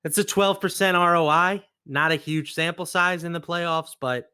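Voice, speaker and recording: A man working as a sports betting analyst, walking through trends and numbers in casual, measured talk. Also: fairly high pitch, steady tone, pushed and bright, clear, resonant tone, dry recording, clean studio sound. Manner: measured, stat-driven explanations.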